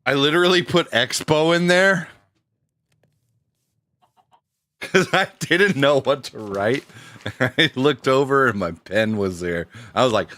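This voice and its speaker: A middle-aged man streams a game, chatting casually in laid-back slang and laughing a lot. His medium-pitched voice is bright and forceful with lively intonation, delivered slowly with long pauses in a dry recording.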